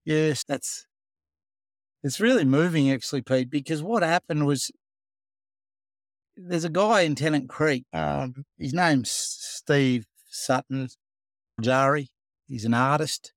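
A man's voice: fairly high pitch, slow, pauses often, dry recording, studio quality. An Australian man, the founder of a program, telling a story in a casual interview, acting out the dialogue with plenty of life. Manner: animated storyteller, acts out dialogue, says "mate".

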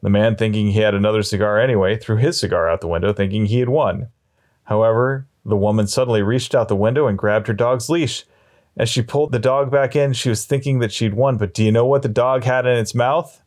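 A man telling long shaggy-dog jokes in a deadpan way, slowing down and pausing as he builds them up. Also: lowish voice. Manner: deadpan, drawn-out storytelling with slow pauses. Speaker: storyteller.

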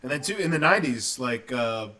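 Bright-voiced man asking questions, distant mic. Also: mid-range voice, brisk. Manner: relaxed, asks follow-up questions. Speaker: host. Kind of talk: casual interview chat. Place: lives in Texas.

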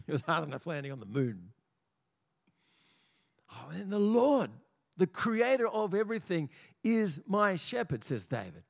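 In a church auditorium, a mid-range-voiced Australian man gives a sermon as pastor. His delivery is lively, and he tends to repeat short words while working up to each point.

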